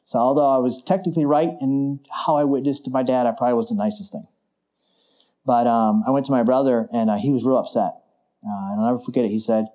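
Male pastor, middle-aged, warm mellow tone, emphatic sermon delivery. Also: medium pitch, steady tone, fast talker. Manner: emphatic, rising to forceful declarations. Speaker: preacher.

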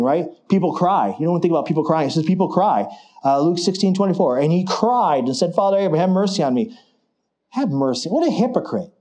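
A middle-aged man preaching a sermon, building to emphatic declarations. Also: on the high side. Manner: emphatic, rising to forceful declarations.

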